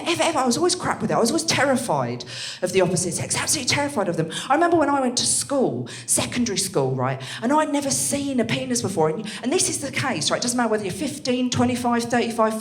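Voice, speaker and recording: A woman's voice: fairly high pitch, fast talker. A young woman doing a brash, crude stand-up comedy set on a club stage, talking into a handheld mic. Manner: brash, crude and animated, with bursts of laughter. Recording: echoey club room.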